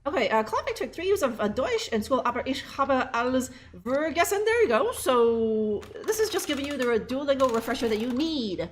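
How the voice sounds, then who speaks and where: A woman's voice: sits high, sing-song, fairly quick, few pauses, slight background noise. A woman streamer chatting and joking while playing a game live, reading subtitles aloud. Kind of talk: casual live game commentary.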